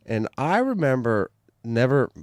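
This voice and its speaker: A man telling a hunting story on a podcast, excited and rambling, restarting sentences and swearing casually. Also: medium pitch, measured pace, no echo, clean studio sound. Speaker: podcast guest, bowhunter.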